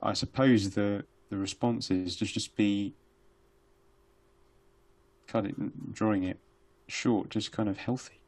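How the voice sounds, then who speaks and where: A man's voice: on the low side, fairly even intonation, slow pace, long pauses, a little mellow. A man speaking as a podcast guest, hesitant, with many restarts and fillers. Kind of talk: conversational podcast interview.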